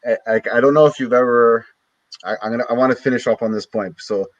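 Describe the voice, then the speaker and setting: A man's voice: mid-range voice, steady tone, quick pace, no room sound, highs cut off. A man from Canada hosting a casual podcast interview, speaking loosely and conversationally with lots of "you know" and "like". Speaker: podcast host.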